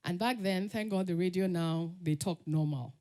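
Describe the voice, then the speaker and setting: A middle-aged Nigerian woman with a Nigerian English accent, giving a lively storytelling talk as a conference speaker. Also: fairly low pitch, moderate pace. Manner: lively, laughs often, acts out quotes.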